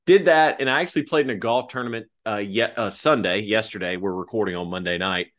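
A man's voice: on the low side, fast, fairly bright tone. A man co-hosting a sports podcast, talking in a laid-back, joking way. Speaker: podcast co-host. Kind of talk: casual sports podcast chat.

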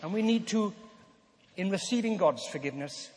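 An older man delivers a sermon in an earnest, emphatic way, slowing down for dramatic pauses. His voice sits high for a man. The sound carries the long reverb of a big hall. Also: expressive, a little mellow. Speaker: preacher.

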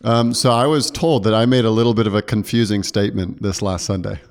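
Low-voiced earnest preacher man. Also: fairly even intonation, fairly quick, clear, resonant tone. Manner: earnest, self-correcting, laughs easily. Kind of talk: casual church podcast chat.

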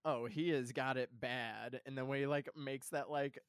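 A man's voice: mid-range voice, fairly even intonation, moderate pace, clean tone, no echo. Guy rambling about a movie, lots of likes, dead dry mic. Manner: chatty, filler-heavy, laughs often. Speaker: podcast co-host. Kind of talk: casual chat about a film.

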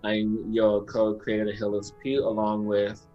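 Low-voiced man co-hosting a radio show. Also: monotone, a little slow, muffled recording, faint music behind. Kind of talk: casual radio talk.

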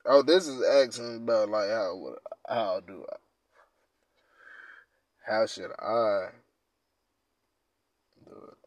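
A man hosting a casual podcast, reading quiz questions aloud and reacting in profane slang, dropping to mumbles and then bursting out loud. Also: on the low side, slow, pauses often, dry recording. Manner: laid-back, profane slang, swings from mumbling to loud outbursts. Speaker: podcast host.

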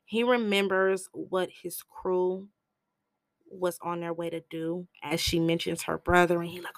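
Animated woman retelling a movie, dry sound. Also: lowish voice, unhurried, no echo. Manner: animated, slangy, acts out quoted lines; blunt and profane. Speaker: film recap vlogger. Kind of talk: casual movie recap storytelling.

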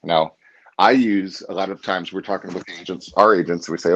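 Deep-voiced guy coaching agents, blunt and fired up, kinda dull lo-fi sound. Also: quick pace, husky. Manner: blunt, animated storytelling. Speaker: real estate team leader.

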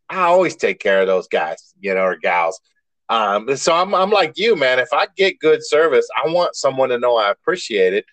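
A man's voice: mid-range voice, a bit bright, dry recording, rough recording. A man co-hosting a podcast in casual chat, a rambling storyteller who restarts often and swears mildly. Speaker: podcast co-host.

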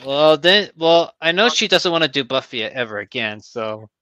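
A man's voice: a little high, lively intonation, moderate pace, sharp tone, lo-fi sound. A man chatting casually as a podcast panelist, blunt and wry. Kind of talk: casual chat.

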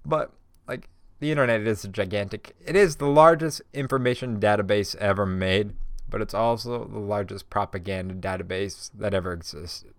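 A stoned man rambles through a profane solo rant on his podcast. His voice sits a little low, and the sound is dry and close to the mic. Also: normal speed, no echo. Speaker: podcast host.

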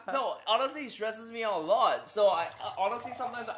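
A man's voice: high voice, lively intonation, fast, hardly any pauses, fairly bright tone. A young man from Singapore, hosting a podcast in casual, rambling chat full of swearing. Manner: rambling, swearing, laughing often. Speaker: podcast host.

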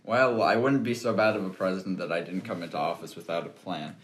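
A man's voice: sits low, steady tone, fast talker. A young man as a podcast guest, talking in a thoughtful, hedging way with jokey asides. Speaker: interview guest. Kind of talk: casual podcast interview. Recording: echoey room.

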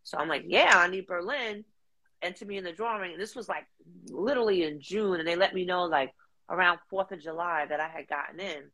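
A middle-aged woman, telling a story in casual chat, slangy and animated, slipping into quoted voices. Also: fairly low pitch, brisk. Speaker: guest.

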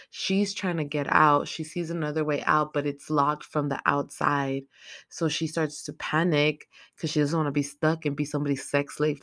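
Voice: medium pitch, dry recording, clean studio sound. A speaker casually recapping a movie's plot in heavy slang and constant swearing, acting out the characters' lines. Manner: profane, slangy, animated retelling; acts out characters' lines in quotes. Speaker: film recap commentator.

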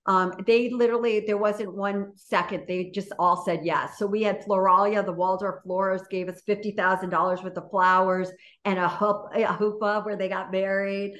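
A woman's voice: mid-range voice, fairly even intonation, moderate pace. A woman, a guest on an interview show, telling a story in a chatty, casual way full of "you know" and "like".

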